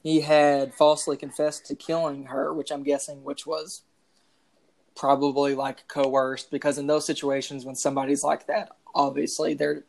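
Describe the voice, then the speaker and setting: A woman's voice: deep voice, little pitch movement, moderate pace, creaky, darkish tone. Chatty woman rambling through true crime. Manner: rambling, many "like" fillers. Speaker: podcast co-host. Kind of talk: casual true-crime chat.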